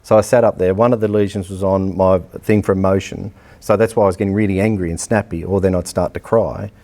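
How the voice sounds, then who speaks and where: A middle-aged Australian man, an athletics coach, telling a personal story in a public lecture, blunt and animated, acting out bits of dialogue. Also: sits low, a little fast.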